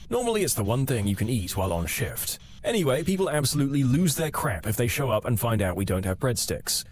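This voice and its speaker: A man's voice: medium pitch, a little hiss or hum. A man narrating online stories in a scripted way, acting out the quoted lines as he reads. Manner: lively storytelling, acts out quoted lines.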